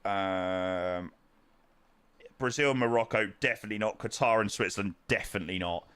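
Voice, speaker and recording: A man's voice: fairly low pitch, moderate pace, a bit bright, smooth, no room sound. A young man streaming a flight sim, chatting casually with viewers in matey banter full of fillers. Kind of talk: casual live-stream chat, answering viewers.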